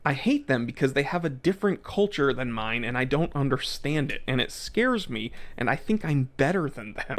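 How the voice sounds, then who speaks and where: A man in a played clip, ranting loudly with crude jokes. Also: mid-range voice, sing-song, normal speed, few pauses. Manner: loud, yelling bits, crude joking. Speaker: video commentator. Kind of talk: ranting monologue.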